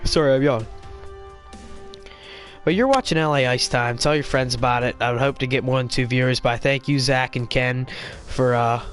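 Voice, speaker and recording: A young man hosting a casual hockey live stream, chatting to viewers in a quick, rambling way while playing a video game. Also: mid-range voice, steady tone, fairly bright tone, faint music behind. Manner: rambling, quick, with fillers and restarts. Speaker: podcast host live streaming.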